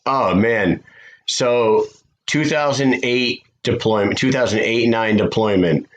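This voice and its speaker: A man hosting a podcast, chatting casually and telling a profane, animated story. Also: fairly low pitch, slow, rough recording. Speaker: podcast host.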